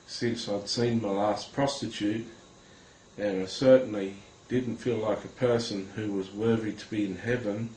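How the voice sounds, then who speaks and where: Man, lower register, earnest personal testimony, hesitant delivery, talks straight to the viewer; echoey room. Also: darkish tone, slight background noise. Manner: earnest, halting, many hesitations, addresses viewers directly. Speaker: Christian recounting a vision. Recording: roomy with faint ambience.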